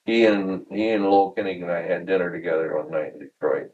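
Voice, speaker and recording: A man's voice: deep voice, fairly even intonation, a little fast, recorded from a distance, phone-quality sound. A man in his sixties from Michigan, recalling workplace anecdotes at home in an oral history interview, chuckling and acting out quoted dialogue. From Michigan, USA. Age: 60s. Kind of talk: storytelling reminiscence.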